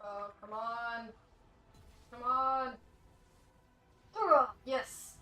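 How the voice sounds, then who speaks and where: A woman streaming a game live, reacting with excitable outbursts and frequent laughter. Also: sits high, a little slow, slight background noise.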